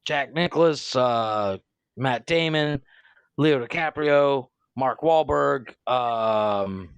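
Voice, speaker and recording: A man co-hosting a comedy podcast, bantering crudely and laughing loudly at his own jokes. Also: mid-range voice, extremely slow, vocal fry, clear, resonant tone, no echo. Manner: loud laughing, jokey. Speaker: podcast co-host.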